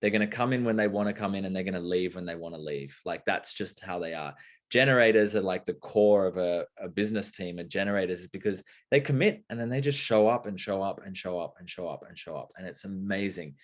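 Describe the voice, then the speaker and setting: Guest, man, low voice, lively storyteller who acts out quoted bits. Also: quick pace. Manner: expressive, acts out little quoted exchanges. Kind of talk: casual conversation.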